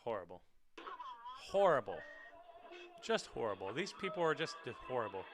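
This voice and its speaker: A man hosting his own show, reacting to dash cam videos with loud swearing outbursts and quiet muttered asides. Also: mid-range voice, very animated, normal speed. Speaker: podcast host.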